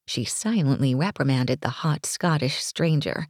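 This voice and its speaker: A woman reads a romance story aloud with a low, gravelly voice. She narrates expressively, with a breathy touch in places. The sound is close and dry, with no room around it. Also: animated, measured pace, a little mellow, no echo. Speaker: audiobook narrator.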